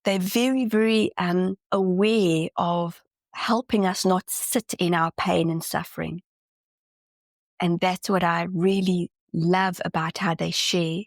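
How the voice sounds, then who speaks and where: Woman with a low, gravelly voice. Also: fairly even intonation, slow pace, dry recording, clean studio sound. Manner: earnest, enthusiastic, with repeated restarts. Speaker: podcast guest, spiritual channeler. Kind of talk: casual interview chat.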